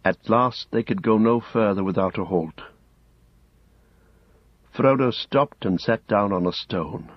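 A man narrating an audiobook in a measured, grave storytelling manner, close to the mic. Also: lowish voice. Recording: dull lo-fi audiobook recording.

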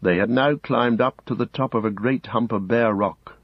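A man narrating an audiobook in a measured, grave storytelling manner, close to the mic. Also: medium pitch, slightly rough, dry recording. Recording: dull lo-fi audiobook recording.

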